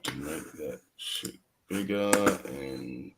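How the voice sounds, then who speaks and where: A man's voice: a bass voice, expressive, slow, gravelly, fairly bright tone, a little hiss or hum. A man hosting a podcast, casual, laid-back and teasing with slang. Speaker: podcast host. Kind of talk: casual chat.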